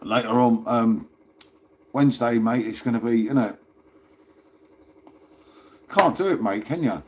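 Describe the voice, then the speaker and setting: A man's voice: mid-range voice, measured pace. A man hosting a casual livestream from his phone, chatting and rambling and calling his viewers "mate". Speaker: livestream host.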